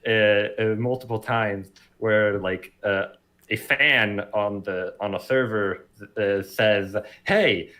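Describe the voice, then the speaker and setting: A man's voice: fairly low pitch, steady tone, takes it slowly, bright, forceful tone. A man co-hosting a podcast, rambling casually with many fillers. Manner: rambling, lots of "like" and "uh". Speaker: co-host.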